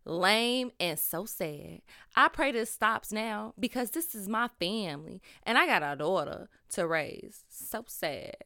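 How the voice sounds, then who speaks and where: Wounded young woman reading her own complaint as a woman puts her on, slow and low, bright, dry sound. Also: lively intonation, creaky, no room sound, exaggerated voice. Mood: aggrieved.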